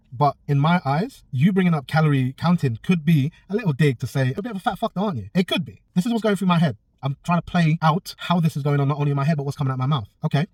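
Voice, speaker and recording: Fast-talking blunt man, husky. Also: mid-range voice, no room sound, distant mic. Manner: blunt, swears a lot, acts out both sides of a quarrel. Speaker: personal trainer. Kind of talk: casual story-time vlog.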